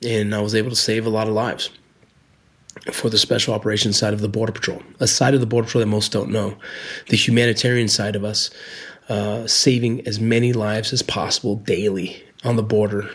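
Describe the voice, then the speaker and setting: A middle-aged man, a former Border Patrol agent, telling his own story in an earnest, reflective way, with pauses and restarts. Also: fairly low pitch, flat delivery, breathy edge. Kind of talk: personal storytelling.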